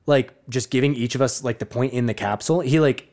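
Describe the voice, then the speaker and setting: A man's voice: medium pitch, fairly quick, a little mellow. A young adult man and podcast co-host, telling a long rambling story in casual chat and swearing freely.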